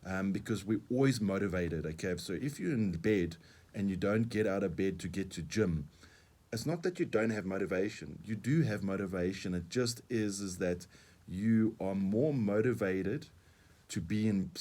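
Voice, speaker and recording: Deep-voiced South African man coaching on radio. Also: normal speed, a little mellow. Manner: earnest, repeats words, uses examples. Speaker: guest coach. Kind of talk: radio interview.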